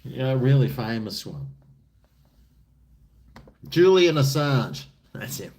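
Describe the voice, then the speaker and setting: A man's voice: medium pitch, very animated, slow, darkish tone. An Australian man chatting casually on a live stream, laid-back and drawling with crude banter, answering his viewers.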